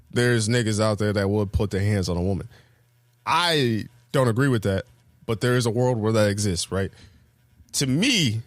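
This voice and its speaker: Low-voiced guy rambling through a story on a podcast, cussing, lots of likes, dry close sound. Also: no room sound. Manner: animated storyteller, acts out quotes with loud high bursts; loose, profane, many fillers and restarts. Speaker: podcast co-host. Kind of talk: casual storytelling chat.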